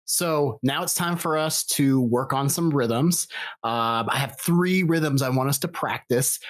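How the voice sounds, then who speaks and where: A man's voice: medium pitch, measured pace. A man teaching a recorded music lesson for children, encouraging and counting rhythms aloud with a metronome. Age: adult, father of a young child.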